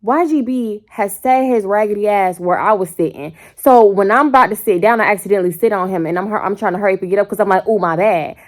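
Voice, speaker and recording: A woman's voice: fast, hardly any pauses. A young woman in her twenties tells a story casually to a phone camera at home, full of slang and squealing up into quoted voices. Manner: animated, slangy, jumps into quoted voices with sudden high squeals. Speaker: storytime vlogger. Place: bedroom at home. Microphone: phone held close.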